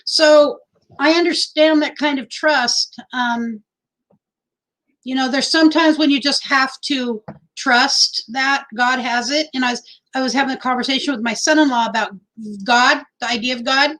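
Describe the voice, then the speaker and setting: A woman's voice: high-pitched, fairly even intonation, normal speed, a bit bright, poor audio. A middle-aged woman from Texas hosting a casual livestream, chatty and rambling as she reads out names from the chat into her phone. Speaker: livestream host.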